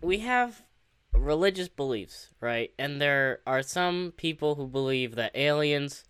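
A man's voice: a little high, expressive, measured pace, a bit bright, clear, resonant tone, dry recording. A man co-hosting a casual podcast, laid-back, musing and joking. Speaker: podcast co-host. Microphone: computer mic on voice chat.

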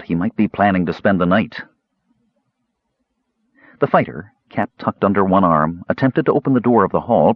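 A man's voice: on the low side, slightly rough, no room sound, highs cut off. A man narrating a fantasy audiobook expressively, shifting his delivery for each character. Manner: expressive, changing voices for characters.

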